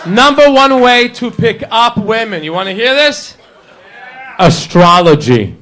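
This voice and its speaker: A man doing a stand-up routine in a comedy club, brash and working the crowd, shouting his punchlines. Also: high-pitched. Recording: live club with crowd laughter and ambient noise.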